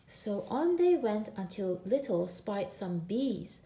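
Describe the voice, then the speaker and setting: A woman reads a children's picture book aloud, expressive and slow, her voice mellow with a lively rise and fall. The room around her sounds echoey. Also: mid-range voice. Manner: expressive, drawn out. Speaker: storyteller.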